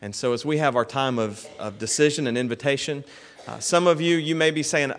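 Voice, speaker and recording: A male pastor giving a measured, slightly halting invitation at the end of a service. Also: medium pitch. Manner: measured, hesitant with fillers. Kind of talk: sermon invitation. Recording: reverberant hall.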